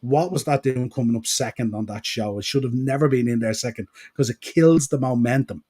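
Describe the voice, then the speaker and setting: A man's voice: medium pitch, brisk, warm tone, breathy edge. A man with an east-coast Irish accent, hosting a wrestling podcast and chatting casually while reading out viewer comments. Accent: Irish, east coast Dublin-Wicklow. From Ireland. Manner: chatty, rambling, with fillers. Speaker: podcast host.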